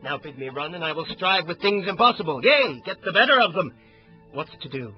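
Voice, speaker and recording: A man's voice: a little high, animated, fairly quick, lightly acted. A man playing a sick Roman man roused to fervor in a Shakespeare audio drama, speaking ardent verse. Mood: fervent. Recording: dull lo-fi audio with faint music.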